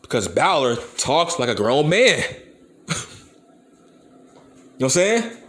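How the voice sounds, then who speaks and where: Channel host, young man, blunt and profane, lively higher voice. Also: slow. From Compton, California. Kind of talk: ranting commentary video.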